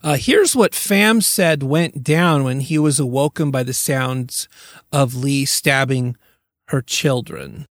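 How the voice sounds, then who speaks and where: A man's voice: medium pitch, takes it slowly. A man hosting a podcast, recounting a case in casual chat and laughing easily. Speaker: podcast host.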